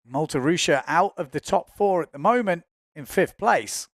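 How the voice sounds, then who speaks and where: A man's voice: fairly high pitch, lively intonation, moderate pace, a bit bright, no room sound, studio quality. A man giving chatty, informal live commentary on a windsurfing race, often correcting himself as he goes.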